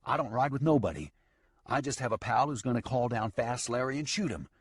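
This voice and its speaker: A man's voice: medium pitch, expressive, a little fast, husky, voice pushed up. A man voicing a rattled, nervous gambler who keeps protesting in a jittery way, in an audiobook.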